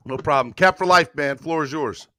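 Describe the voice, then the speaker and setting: A man's voice: a little high, normal speed, pushed and bright. A man hosting a casual sports podcast, laid-back as he brings in guests and hands them the floor. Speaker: podcast host.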